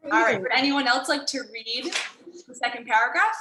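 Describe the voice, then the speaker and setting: A woman's voice: sits high, fairly quick, reverberant, background noise. A woman martial arts instructor teaching an online workshop for kids in an upbeat, encouraging way, over a video call.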